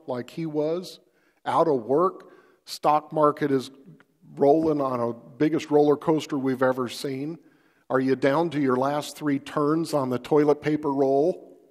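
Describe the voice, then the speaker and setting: Male pastor, homespun devotional talk, unhurried, rather high voice, reverberant room. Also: darkish tone. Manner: folksy, conversational, asks the listener questions. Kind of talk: devotional sermon to camera.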